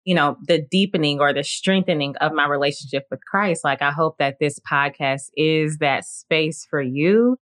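A woman's voice: sits low, normal speed, hardly any pauses, fairly bright tone. A woman in her late twenties hosting a faith-based solo podcast, talking in an earnest, encouraging and reflective way with lots of "like" and "you know". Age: late 20s. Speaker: podcast host.

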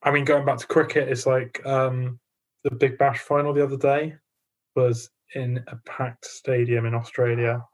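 A man's voice: medium pitch, little pitch movement, moderate pace. A young adult man co-hosting a podcast, chatting casually with dry, sweary wisecracks. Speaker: podcast co-host. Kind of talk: casual chat.

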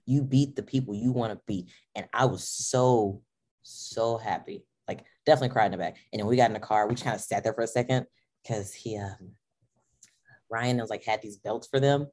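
A woman's voice: a bass voice, fairly quick, darkish tone. A young adult woman guesting on a podcast, chatting casually and animatedly, acting out her own remarks and laughing often. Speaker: powerlifter guest.

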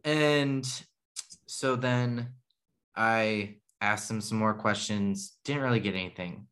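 A man's voice: on the low side, slow pace, fairly bright tone. A man telling a story in casual chat, rambling and correcting himself, laughing at his own tale.

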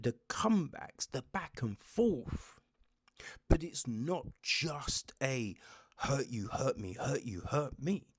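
Husky-voiced man reviewing a film, animated. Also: medium pitch. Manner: animated and profane, often dropping into a whisper; keeps checking in with "you know what I mean".

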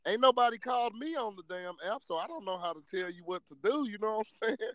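A man hosting a podcast, casual and animated, joking and laughing with his guest. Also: high-pitched, fast talker, crowd noise. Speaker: podcast host.

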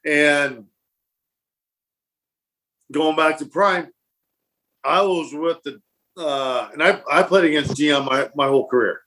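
A man with a slightly high voice tells old football stories as a guest. He talks casually and playfully, acting out the voices of the people in his stories. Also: slow, pauses often. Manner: animated, acts out quotes and laughs. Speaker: former football punter, guest. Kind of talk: casual storytelling.

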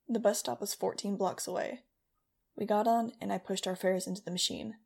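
Gravelly-voiced woman narrating an audiobook. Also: mid-range voice, fairly even intonation, darkish tone. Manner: wry, brisk storytelling with voiced dialogue. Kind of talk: first-person audiobook narration.

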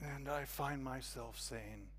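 A man giving a guest sermon as a story, acting out the scenes with sudden loud, excited bursts. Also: medium pitch, slow pace, in a large hall, a little hiss or hum. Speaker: guest speaker.

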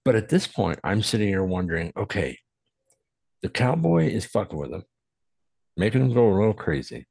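A man with a very low, husky voice co-hosting a movie podcast. He works through his theories out loud in a relaxed, casual way, and the sound is dry and close to the mic. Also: normal speed, long pauses, no echo. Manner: thinks aloud, recounts his guesses with profanity. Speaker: podcast co-host.

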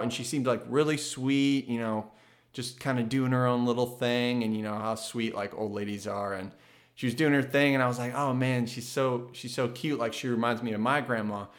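Earnest man thinking aloud, mid pitch. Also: fairly bright tone. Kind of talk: casual reflective monologue.

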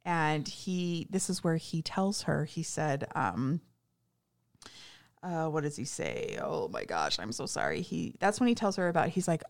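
A woman's voice: deep voice, big pitch swings, a little slow, creaky. A woman chatting casually about a film, retelling scenes with enthusiastic asides. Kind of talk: casual chat recapping a film.

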